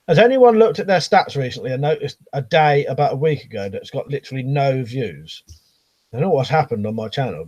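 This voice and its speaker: Man, live-stream chatter, rambling and swearing, medium pitch, dry close sound. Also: a little mellow, no echo, lo-fi sound. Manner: rambling, swears casually, frequent ums and restarts. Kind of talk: casual live-stream chat, reading viewer comments aloud.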